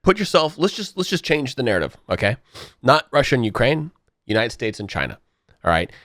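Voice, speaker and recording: A man's voice: mid-range voice, very animated, brisk, fairly bright tone, dry recording, studio quality. A man co-hosting a podcast, arguing politics emphatically with profanity and step-by-step analogies. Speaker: podcast co-host. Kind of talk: heated political debate.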